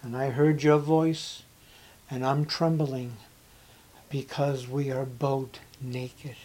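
A man's voice: medium pitch, flat delivery, slow, a little mellow. A man preaching voices Adam as a frightened first man, confessing timidly. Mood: fearful.

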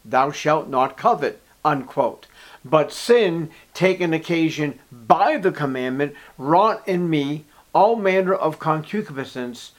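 A man preaching a sermon as pastor, reading scripture aloud and swinging between loud emphasis and hushed asides. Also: on the high side.

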